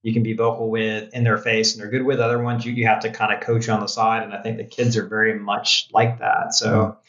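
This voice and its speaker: A middle-aged man guest reflecting on fatherhood in a halting, thoughtful way. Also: lowish voice, monotone, a bit bright. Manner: reflective, halting, often restarting. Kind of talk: reflective conversational talk. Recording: roomy, dull-sounding audio.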